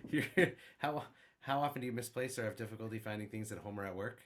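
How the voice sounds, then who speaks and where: A young man co-hosting a casual podcast, rambling through joking stories and quiz questions. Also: normal speed. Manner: rambling, joking storyteller with lively swings in pitch. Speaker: podcast co-host. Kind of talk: casual chat.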